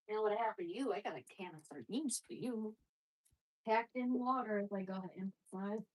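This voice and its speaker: A woman with a husky, breathy voice chats casually over her food. She keeps turning to talk sweetly to her dogs, apologizing and coaxing them between bites. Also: mid-range voice, fairly quick, a little mellow. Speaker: vlogger. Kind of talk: casual eating vlog.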